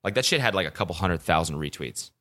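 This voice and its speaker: A man's voice: deep voice, expressive, fast talker, bright, forceful tone. A young man hosting a podcast, ranting casually with profanity and self-mocking storytelling. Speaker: podcast host. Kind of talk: casual solo podcast rant.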